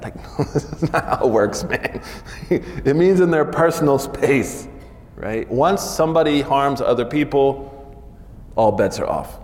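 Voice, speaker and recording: A man's voice: mid-range voice, animated, measured pace, a little hiss or hum. Casual man teaching in an echoey hall. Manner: casual, often ends phrases with "man". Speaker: religious teacher. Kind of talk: informal religious lesson.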